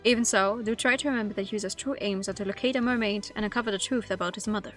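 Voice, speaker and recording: A woman's voice: medium pitch, fast talker, fairly bright tone, faint music behind, natural voice. A woman reading the lines of a polite, ceremonious announcer figure in a game. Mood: formal. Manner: formal, ceremonious. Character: formal mysterious announcer, polite and grand.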